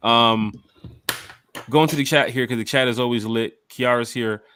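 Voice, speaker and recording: A man hosting a fan podcast, reading out the live chat with lively shout-outs. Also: mid-range voice, moderate pace, a little hiss or hum. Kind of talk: casual chat.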